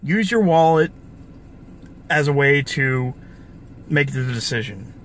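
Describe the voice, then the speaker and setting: A man's voice: medium pitch, expressive, slow, a bit bright, a little hiss or hum. A young man hosting his own gaming channel, ranting angrily about the industry, profane and full of restarts. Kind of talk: ranting video commentary.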